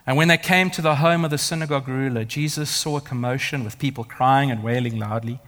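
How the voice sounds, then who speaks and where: A man's voice: medium pitch, brisk, a bit bright. A man preaching a sermon as pastor, with an emphatic, building cadence and repeated phrases. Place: church. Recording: long hall reverb.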